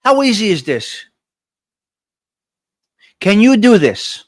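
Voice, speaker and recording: A high-voiced man hosts a live morning coffee stream and talks straight to his viewers, repeating his points in a motivational tone. He reads out the names and answers of people in the chat. He is close on the mic and sounds dry, with no room around him. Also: sing-song, takes it slowly, no echo. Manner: motivational, repetitive, addresses viewers directly. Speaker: livestream host. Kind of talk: casual live morning chat, reading chat comments.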